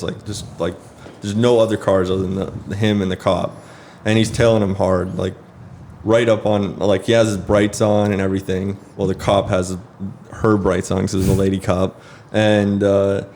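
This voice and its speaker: A man's voice: lowish voice, a little mellow, a little hiss or hum. A man telling a rambling story on a casual podcast, cursing and using lots of fillers. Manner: rambling, swears a lot, many fillers. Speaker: podcast host.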